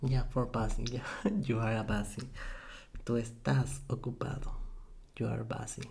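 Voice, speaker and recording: A man giving a soft-spoken ASMR language lesson into a desk microphone, halting and correcting himself often, with soft laughs. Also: mid-range voice, flat delivery, gravelly. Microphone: USB desk microphone.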